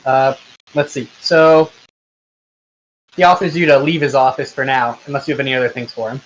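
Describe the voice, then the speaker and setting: A man running a tabletop game as game master, narrating casually with halting restarts over a voice call. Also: medium pitch, fairly even intonation, low-quality recording. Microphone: headset or desk mic on a voice call.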